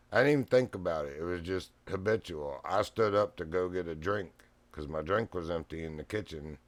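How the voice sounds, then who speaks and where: A middle-aged man with a drawl spins a rambling, folksy yarn on his stream, chuckling as he goes. His voice sits very low, and the sound is close and dry with no room around it. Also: no echo. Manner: rambling, folksy, laughs often. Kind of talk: casual storytelling chat. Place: home living room. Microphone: streaming mic.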